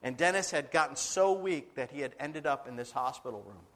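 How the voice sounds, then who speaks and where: A man's voice: medium pitch, animated, brisk, fairly bright tone. A man, a pastor, telling a story in a sermon, earnestly acting out the dialogue of the people in it. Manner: earnest, dramatic retelling with quoted dialogue.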